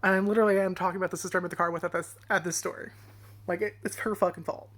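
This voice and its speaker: A woman's voice: fairly low pitch, fairly even intonation, rapid-fire. A young adult woman telling a rambling casual story as a vlogger, swearing often and laughing along the way.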